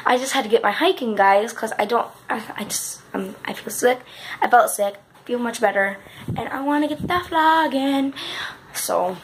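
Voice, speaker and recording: A woman vlogger talks chattily at a normal speed in a fairly high-pitched voice, with slight background noise. She rambles with restarts, addressing her viewers again and again and saying "guys" all the time.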